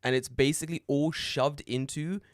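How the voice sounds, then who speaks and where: A man's voice: on the high side, normal speed, dry recording, clean studio sound. A man co-hosting a casual podcast, telling stories with lots of energy, swearing and laughing often. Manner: animated storyteller, swears, laughs a lot. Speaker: podcast co-host. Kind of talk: casual chat.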